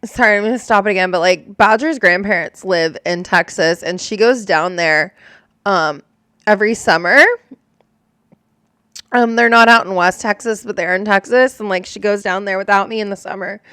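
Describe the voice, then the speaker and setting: A woman's voice: mid-range voice, moderate pace, a bit bright, smooth, dry recording, studio quality. A young adult woman who is a storm chaser, talking candidly and emotionally in a casual reaction chat, swearing and using lots of fillers.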